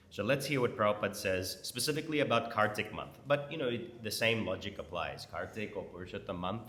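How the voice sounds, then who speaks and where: A man with a lowish voice leads a relaxed class, throwing questions at his listeners and ribbing them a little. He sounds like he's in a roomy, echoing hall, with a faint hiss under the sound. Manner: informal, asks the audience questions, teasing. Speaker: temple class speaker. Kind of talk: conversational scripture class. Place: temple hall with an audience. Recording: echoey hall with faint noise.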